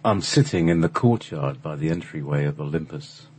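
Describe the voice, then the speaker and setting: A man voicing a channeled male spirit in a slow, solemn way, a little lower and louder than his usual talk. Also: lively intonation, background noise. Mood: wistful.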